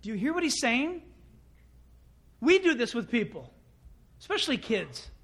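A male pastor preaching a sermon, animated and acting out quoted voices. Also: very high voice, moderate pace.

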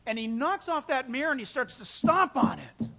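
A pastor preaching a sermon, telling stories with animated delivery and acting out quoted voices. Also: male voice, extremely high pitch, moderate pace, gravelly. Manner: animated storytelling, acts out quotes.

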